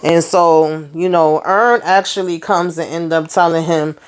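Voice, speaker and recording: A woman's voice: lowish voice, steady tone, a little slow, clear, resonant tone. A young adult woman recapping a TV episode in a loose, slangy, casual monologue, acting out the characters' lines as she goes. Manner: chatty, acts out characters' lines in quotes; loose slangy phrasing with fillers. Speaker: TV episode reviewer.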